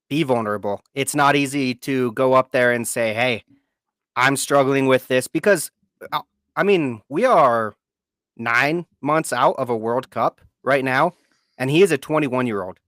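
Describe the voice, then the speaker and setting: A man's voice: medium pitch, a bit bright, clean tone, no room sound, studio quality. A man co-hosting a live podcast, earnest and heartfelt, often repeating words for emphasis. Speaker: podcast co-host. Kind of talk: casual live podcast talk.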